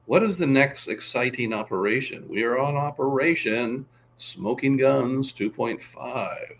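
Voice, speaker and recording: A man's voice: medium pitch, measured pace, a little hiss or hum. A man hosting a casual livestream, rambling and reading out viewer chat. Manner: rambling, reads chat aloud, tries impressions. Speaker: livestream host.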